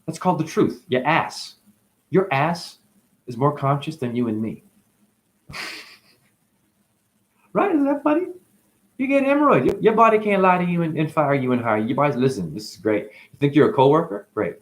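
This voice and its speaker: Animated man with sudden pitch jumps. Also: normal speed, long pauses. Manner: calls the listener honey, drops into whispers. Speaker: spiritual vlogger. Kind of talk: free-flowing spiritual monologue.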